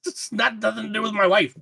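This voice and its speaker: A man's voice: high voice, vocal fry, sharp tone, breathy edge. A man co-hosting a podcast in casual chat, teasing and arguing with his friends. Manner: teasing, argumentative. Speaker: podcast co-host and streamer.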